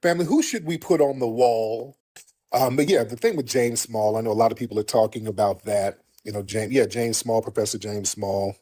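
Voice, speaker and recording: A man's voice: fairly low pitch, brisk, mellow. A man hosting a livestream, mocking and scolding a caller in a heated, repetitive way. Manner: mocking, repeats himself, talks down to a caller. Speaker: streamer host.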